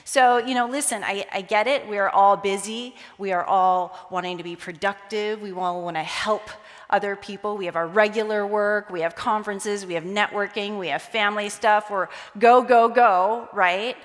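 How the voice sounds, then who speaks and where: A woman's voice: mid-range voice, moderate pace. A woman giving a storytelling conference talk, acting out bits of dialogue as she goes. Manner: animated, acts out quoted dialogue. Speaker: conference speaker. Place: large conference hall. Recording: long hall reverb.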